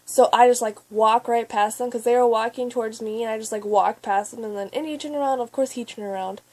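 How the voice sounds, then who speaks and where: A teenage girl telling a long, rambling story to camera in a chatty way. She often swears and then apologizes, and she keeps breaking off into quick asides. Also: a little high, fairly even intonation, darkish tone. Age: teens. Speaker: vlogger.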